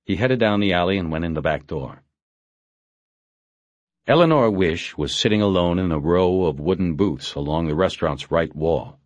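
A man reading a novel aloud in a steady, measured way. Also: low-pitched, dry recording, highs cut off. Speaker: audiobook narrator. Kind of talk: scripted narration.

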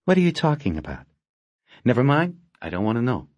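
A man's voice: mid-range voice, huge pitch swings, brisk, a little mellow, dry recording, pitched above the performer's own voice. A man voicing a tightly controlled female federal agent who speaks in a cool, clipped, defensive way. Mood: startled.

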